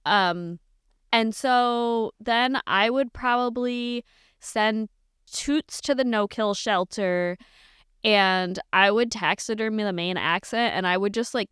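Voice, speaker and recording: A woman co-hosting a podcast, talking in an animated, teasing way in casual chat. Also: medium pitch, clear, resonant tone, no echo, clean studio sound. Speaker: podcast co-host.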